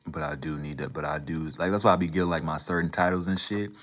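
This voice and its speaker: Very deep-voiced man rambling to his chat. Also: fairly even intonation, fast talker, very noisy. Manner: rambling, slangy, talks back to chat. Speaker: livestream host. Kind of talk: casual livestream chat.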